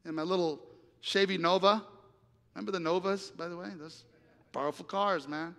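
A man preaching, telling a personal story with lively acted-out dialogue and big swings between loud and hushed lines. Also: high voice, normal speed, gravelly. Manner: animated storyteller acting out dialogue, dramatic volume swings. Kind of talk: sermon storytelling. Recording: reverberant hall.

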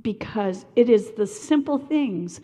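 An older woman telling a personal story in a sermon-style talk, animated and acting out the voices of others. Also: on the high side, slow. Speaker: speaker sharing a personal story. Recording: long echo of a large hall.

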